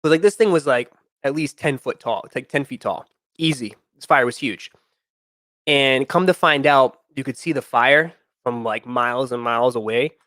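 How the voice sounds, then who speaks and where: A man's voice: medium pitch, normal speed, a bit bright, no room sound, clean studio sound. A young man hosting a stream, telling a story in a loose, rambling way with many fillers and restarts. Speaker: sneaker channel host.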